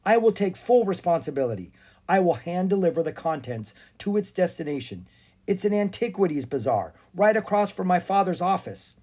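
A storybook reader voicing a bold, brisk young girl who takes charge. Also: mid-range voice, sing-song, darkish tone, breathy edge, pitched above the performer's own voice. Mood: commanding. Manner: brisk, commanding. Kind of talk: storybook read-aloud.

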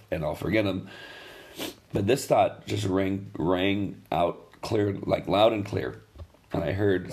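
A man's voice: low voice, a little mellow. A man preaching a sermon in an earnest, conversational way, often restarting his phrases. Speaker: pastor.

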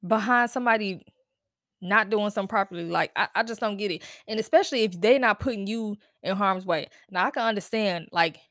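Her pitch middling and her tone a bit bright, a podcast host goes on a brisk, blunt, profanity-laden solo rant, firing off disbelieving questions in a casual show. Recorded on a close mic, it sounds dry with no room sound.

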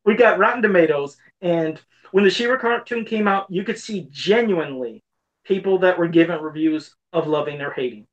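A man's voice: sits high, normal speed, highs cut off. A man co-hosting a casual podcast chat, talking in an earnest, rambling way that circles back on itself. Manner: rambling, earnest, repeats himself. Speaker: podcast co-host.

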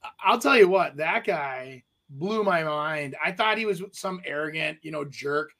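A man, a real estate agent hosting a podcast, telling a story in an animated, rambling way with restarts. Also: on the high side, moderate pace, creaky.

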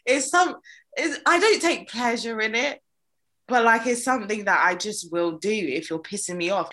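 A woman's voice: medium pitch, sharp tone. A young woman in casual chat, bantering with slang and laughing often.

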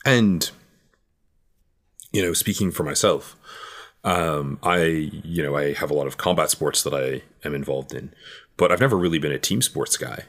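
A man with an extremely deep voice talks in a casual conversation. He rambles thoughtfully, filling pauses with "um" and "you know" as he works through his points. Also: fairly bright tone. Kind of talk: casual chat.

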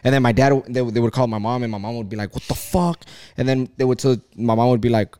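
A young man co-hosts a casual podcast chat, rambling and swearing, with many filler "likes" and restarts. He talks fast in a mid-range, steady voice that is dark, clear, and resonant.

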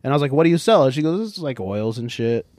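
A man co-hosting a casual comedy podcast, profane and quick with banter, often laughing. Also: medium pitch, very animated, a little mellow, no room sound, clean studio sound. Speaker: podcast co-host.

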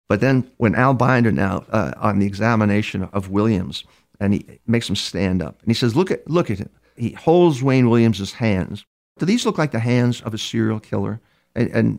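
Gravelly older man telling war stories. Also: lowish voice. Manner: halting, repeats words, acts out quoted dialogue. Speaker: criminal profiler interviewee. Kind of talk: storytelling interview answers.

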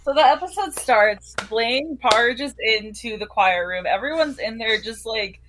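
A woman's voice: fairly high pitch, animated, measured pace, noisy background. A young woman co-hosting a casual podcast, recapping scenes in a laid-back way with playful asides. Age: young adult. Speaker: podcast co-host. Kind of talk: casual chat.

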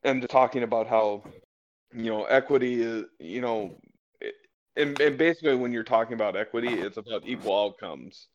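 Man, casual political chat, rambling, fillers, mid pitch, slightly dull audio. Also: brisk. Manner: rambling, many fillers and restarts. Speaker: podcast co-host.

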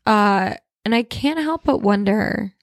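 Bubbly young woman with a gravelly edge. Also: medium pitch, lively intonation, slow pace, no room sound, clean studio sound. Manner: bubbly, gushing, laughs often. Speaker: podcast co-host. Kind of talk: casual chat.

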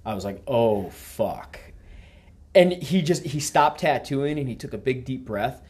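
A man's voice: mid-range voice, normal speed, slightly rough. A middle-aged man hosting a podcast, telling a story casually with lots of swearing and acting out the dialogue. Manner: profane, animated storyteller who acts out quoted dialogue. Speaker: podcast host.

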